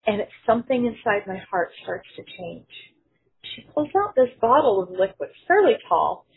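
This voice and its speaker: A woman's voice: fairly high pitch, big pitch swings, moderate pace, husky. A woman sharing a personal testimony in an earnest storytelling manner, quoting others in her own voice. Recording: phone-like narrow sound.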